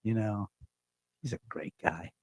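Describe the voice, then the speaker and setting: A man's voice: on the low side, unhurried, husky, no echo. Laid-back man chiming in on a radio show. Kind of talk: morning radio banter. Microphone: studio microphone.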